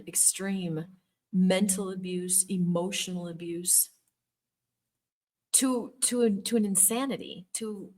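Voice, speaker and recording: Earnest middle-aged woman, slightly low voice. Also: darkish tone. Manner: earnest, emphatic, repeats words for stress. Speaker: former Jehovah's Witness telling her story. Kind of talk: personal storytelling monologue.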